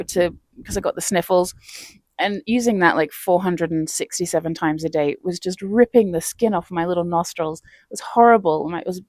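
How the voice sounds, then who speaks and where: A woman's voice: medium pitch, a little mellow, no echo. Woman vlogger, chatty and laughing. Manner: chatty, laughs between phrases. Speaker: self-help vlogger. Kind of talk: casual storytelling to camera.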